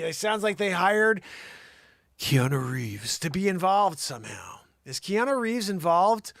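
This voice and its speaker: Dude riffing on the news, jokey and rambly, slightly high voice, super dry close mic. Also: male voice, big pitch swings, moderate pace, fairly bright tone, dry recording. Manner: rambling, jokey, drops into low mumbles. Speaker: host of a live comedy and news show. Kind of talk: improvised comedy news commentary.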